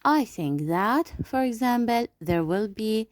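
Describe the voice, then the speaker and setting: Woman teaching English, slow clear drills. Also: a little high, expressive, a little mellow, dry recording, clean studio sound. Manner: slow, drawn-out word modelling, switching to quick explanations. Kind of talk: classroom lesson for young pupils.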